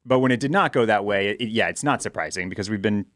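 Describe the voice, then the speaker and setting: A man's voice: lowish voice, fast talker, a bit bright, no echo, studio quality. A man co-hosting a casual TV recap show, chatting and often restarting his sentences. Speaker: podcast co-host.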